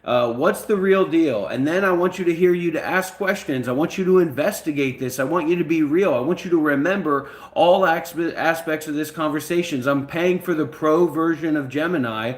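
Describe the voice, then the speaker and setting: A man's voice: fairly high pitch, a little fast, few pauses. A man hosting a channel, bluntly and profanely bossing an AI around in casual talk. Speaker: channel host. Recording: echoey room.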